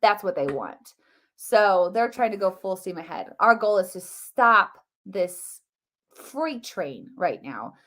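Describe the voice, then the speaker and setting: Woman talking to her viewers on a livestream, rambly and excited, keeps restarting her sentences, mid pitch. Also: takes it slowly. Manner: animated, rambling, many restarts and fillers, addresses viewers as guys. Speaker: host of a political commentary livestream. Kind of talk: casual live commentary.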